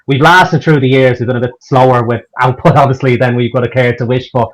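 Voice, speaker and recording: An Irish man chatting in an interview. He rambles easily, circles back and restarts his thoughts, and sits at an ordinary middle pitch. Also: fairly even intonation, fast, poor audio. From Ireland. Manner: rambling, frequent restarts and fillers. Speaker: band member. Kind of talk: casual interview chat.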